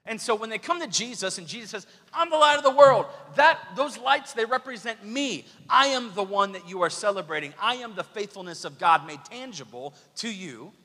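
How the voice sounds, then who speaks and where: A man preaching a sermon as pastor, lively and questioning the congregation. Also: high-pitched, moderate pace, hardly any pauses. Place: church sanctuary. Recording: long church hall reverb.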